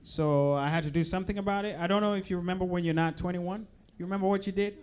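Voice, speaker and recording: A young adult man from Uganda, doing a chatty, playful stand-up set in a comedy club and often dropping low for asides. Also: fairly even intonation, fast, a little mellow, clean tone.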